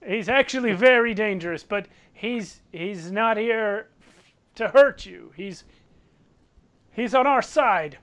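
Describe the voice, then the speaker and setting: A man's voice: high-pitched, takes it slowly, a bit bright, pitched above the performer's own voice, heavily acted. A man voicing an earnest adult male companion who pleads with a frightened crowd in a reassuring tone during a tabletop game.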